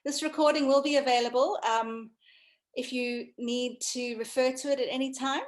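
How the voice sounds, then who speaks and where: A woman, a running coach chatting casually over a video call, relaxed and full of ums. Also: high-pitched, moderate pace, low-quality recording. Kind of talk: casual workout wrap-up and self-promotion.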